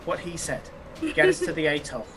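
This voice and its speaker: A man's voice: fairly high pitch, wildly swooping pitch, a little fast, loud music behind the voice. A man voicing a bossy, impatient female ship captain who barks curt orders.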